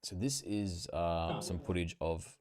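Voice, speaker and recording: A man's voice: low-pitched, measured pace, a crowd in the background. A young Australian man hosting a casual livestream, rambling with swearing, fillers and self-corrections. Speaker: livestream host. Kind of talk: casual solo livestream commentary.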